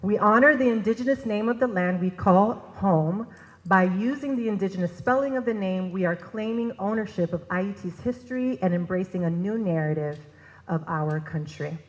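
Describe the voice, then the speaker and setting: A woman's voice: mid-range voice, normal speed. A woman co-presenting at a conference, reading prepared remarks and leading the audience in repeating a phrase. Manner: reads prepared text, leads the audience in repeating. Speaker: executive director, co-presenter. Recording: reverberant hall.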